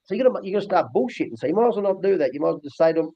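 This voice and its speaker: Older aussie bloke talking fast about dogs, blunt and rambly, dull dry lo-fi sound. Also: male voice, high voice, lively intonation, vocal fry, no room sound. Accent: Australian. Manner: blunt, rambling, earthy with frequent restarts. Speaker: dog trainer. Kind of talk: casual interview talk.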